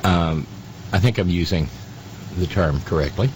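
A man hosting talk radio, speaking slowly and unhurriedly in a lowish voice. He stumbles through fillers and restarts and drops dry, mocking asides. A faint hiss sits under the voice. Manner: halting, many fillers and stammered restarts. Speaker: radio talk show host. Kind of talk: casual on-air commentary.

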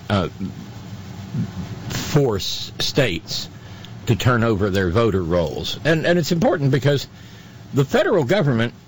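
Slow, halting man hosting talk radio. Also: medium pitch, a little hiss or hum. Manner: halting, many fillers and stammered restarts; sardonic, mocking asides. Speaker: radio talk show host. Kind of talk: casual on-air commentary.

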